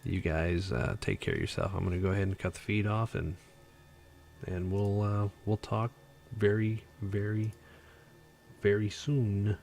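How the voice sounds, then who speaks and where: Tired, gravelly low-voiced man. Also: normal speed, a little mellow, slight background noise. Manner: rambling, filler-heavy. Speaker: livestream host. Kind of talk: casual livestream chat.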